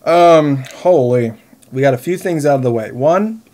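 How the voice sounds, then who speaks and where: A man's voice: a little high, moderate pace, dark tone. Tipsy young man rambling to camera. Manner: chatty and rambling, laughs often; eating while talking. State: a little tipsy. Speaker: vlogger. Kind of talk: casual chat to camera.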